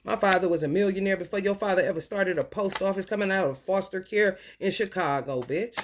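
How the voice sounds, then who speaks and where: A woman in a profane, confrontational spiritual monologue, swinging between low mutters and loud outbursts. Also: fairly quick, slight background noise. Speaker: vlogger.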